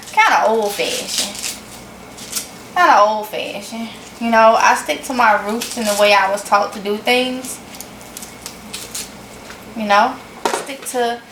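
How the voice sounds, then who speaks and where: Mississippi woman talking slow and homey to y'all, bit high, faint hiss. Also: roomy sound. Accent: Mississippi Southern. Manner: chatty, folksy, addresses viewers as y'all. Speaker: vlogger. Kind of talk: casual cooking vlog.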